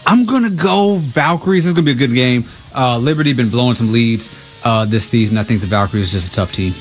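A man's voice: medium pitch, fast talker, faint music behind. Easygoing male radio guest. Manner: easygoing, agreeable. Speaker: guest picking games. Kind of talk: casual sports radio chat.

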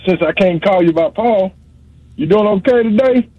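High, teasing caller over phone. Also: male voice, moderate pace, a crowd in the background. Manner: teasing, trash-talking, rambling. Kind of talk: call-in to a radio show. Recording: tinny dry phone line.

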